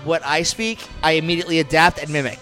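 A man's voice: fairly high pitch, fast talker, pushed and bright, faint music behind. A man who works as a bartender, chatting casually in a profane, rambling way and repeating himself. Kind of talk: casual chat.

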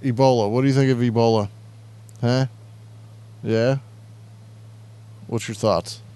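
A man's voice: medium pitch, steady tone, measured pace, dark tone, clean tone. A man hosting an internet radio show, chatting casually and crudely, rambling and reading out chat messages. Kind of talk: casual live-stream chat.

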